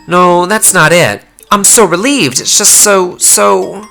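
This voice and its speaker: A man doing a high, anxious young girl. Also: slow, creaky, sharp tone, faint music behind, full character voice. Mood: worried. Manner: anxious, pleading. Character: timid, caring young girl mechanic.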